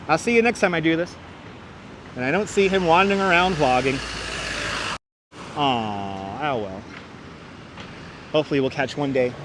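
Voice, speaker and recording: A man hosting a live walking tour outdoors, chatting and greeting viewers by name, on a wireless clip-on mic. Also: on the high side. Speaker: livestream host walking the city. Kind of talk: live walking-tour commentary, reading chat. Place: outdoors on busy city streets. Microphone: wireless clip-on mic, phone camera on a gimbal. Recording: faint street traffic behind.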